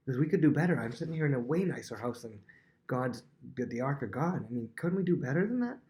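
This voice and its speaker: Talking fast in a medium-pitched voice, this young man leads a conversational Bible lesson. He keeps it chatty, stumbles through fillers and restarts, and performs the characters' lines in lively voices.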